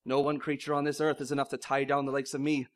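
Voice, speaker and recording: A man voicing a boastful, grizzled old male sea captain with a low, gruff drawl. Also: monotone, fast, natural voice. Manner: bellowing orders.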